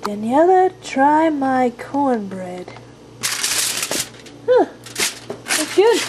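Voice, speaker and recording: A young woman acting in a home comedy sketch, mumbling and whispering groggily, then bursting into frantic shouts. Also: high-pitched, very animated, very slow, slight background noise. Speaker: comedic video sketch performer. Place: home kitchen.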